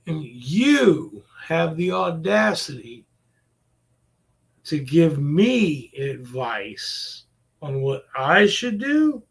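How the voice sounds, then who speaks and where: A man's voice: a little high, big pitch swings, very slow. A man ranting to camera in an exasperated, repetitive way, cursing often as he vents. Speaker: vlogger. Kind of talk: profane venting rant to camera.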